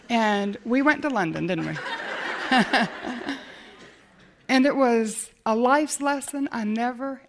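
A woman's voice: a little high, a little slow, creaky. Woman telling a sermon story. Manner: animated storytelling, acts out dialogue. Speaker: speaker telling a faith story.

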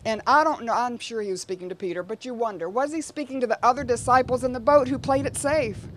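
A woman delivers a sermon in a relaxed, conversational style, turning often to her listeners with quick asides. Her voice sits a little high, with a faint hiss of noise behind it. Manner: conversational preaching with rhetorical asides. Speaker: preacher.

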